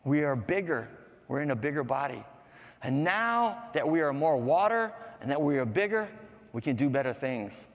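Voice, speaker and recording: A man voicing a calm chorus of raindrops who explain things plainly. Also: fairly high pitch, moderate pace. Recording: long hall reverb.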